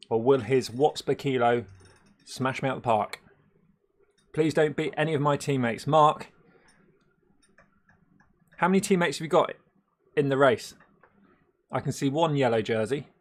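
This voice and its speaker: A man's voice: medium pitch, moderate pace, long pauses. A man chatting casually on a live stream, rambling and laughing often, with many hesitant fillers.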